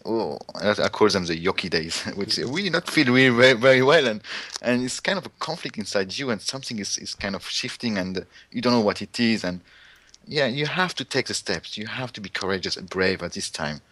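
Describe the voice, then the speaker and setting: A man in casual conversation, speaking earnestly with slightly halting, non-native phrasing. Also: lowish voice, lively intonation, a bit bright. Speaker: co-host.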